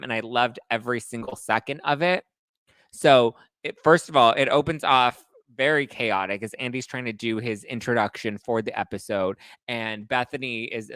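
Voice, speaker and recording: A man hosting a live reality TV gossip show, recapping in a casual, animated, slang-heavy way. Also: mid-range voice, no room sound. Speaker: host of a reality TV gossip livestream and podcast. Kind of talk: casual chatty pop-culture recap.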